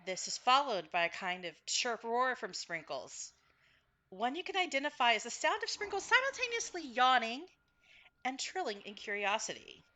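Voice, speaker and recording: A woman's voice: a little high, very animated, moderate pace, bright, forceful tone. A woman narrating a tabletop game as game master, recapping with frequent fillers and self-corrections.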